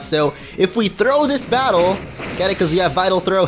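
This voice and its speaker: A man hosts a video game playthrough with goofy, joking commentary. His voice sits high and swings widely in pitch, with faint music playing under him. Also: lively intonation, normal speed. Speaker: let's play host. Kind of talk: gameplay commentary.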